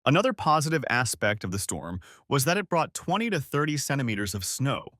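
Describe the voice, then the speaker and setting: A man narrating a first-person story about revenge on a cheating wife, reading in a steady, expressive way. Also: mid-range voice, brisk, no echo, clean studio sound.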